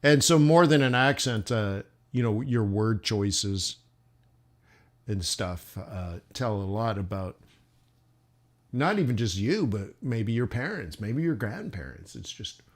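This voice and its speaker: A man's voice: lowish voice, lively intonation, takes it slowly. Chatty man rambling on a livestream. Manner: rambling, chatty, many fillers and restarts. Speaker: live forex trading streamer. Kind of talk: casual livestream chat. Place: southern United States.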